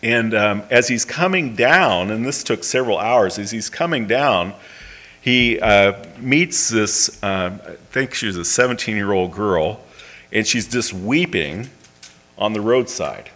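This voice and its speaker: Earnest low-voiced male preacher. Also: expressive, pushed and bright. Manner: earnest, halting, many fillers and restarts. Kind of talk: sermon with storytelling and closing prayer.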